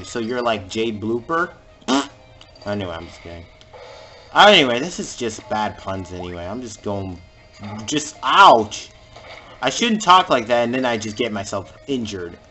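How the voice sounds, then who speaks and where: A man giving jokey let's-play commentary over a video game and reacting with sudden loud exclamations. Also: medium pitch. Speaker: gamer playing through a video game.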